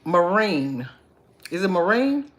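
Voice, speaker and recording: Animated chatty woman livestreaming. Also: lowish voice, takes it slowly. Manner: chatty, animated, greets viewers by name. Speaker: livestream host. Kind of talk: casual livestream chat with viewers.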